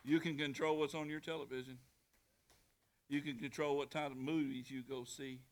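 A man's voice: medium pitch, normal speed. Folksy preacher man. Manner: folksy, animated preaching with many restarts. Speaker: pastor. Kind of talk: sermon.

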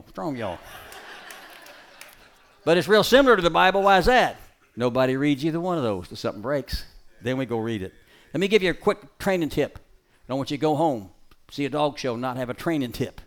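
A middle-aged man with a somewhat high voice runs a dog-training show. He snaps out quick commands, trades quips with the crowd, and turns softly preachy in between. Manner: shouts dog commands in bursts, then drops to a soft, preachy tone; jokey crowd banter.

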